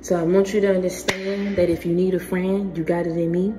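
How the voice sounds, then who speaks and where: Deep-voiced woman giving a spiritual pep talk. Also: little pitch movement, fairly quick, music in the background. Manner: earnest, slangy, calls listeners baby. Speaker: spiritual motivational speaker.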